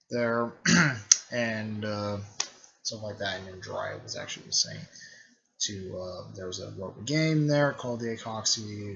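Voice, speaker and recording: A man casually recapping a story in a rambling way, with lots of fillers and frequent throat clearing. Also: fairly low pitch, fairly bright tone. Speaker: video creator recapping a fan series. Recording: dull lo-fi recording.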